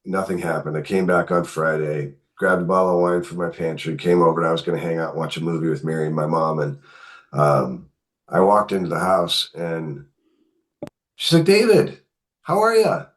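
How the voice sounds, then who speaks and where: Middle-aged guy with a real low voice, chatty storyteller, does the voices when he quotes folks. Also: brisk. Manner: animated, acts out quotes in his telling. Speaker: guest author. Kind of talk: conversational storytelling.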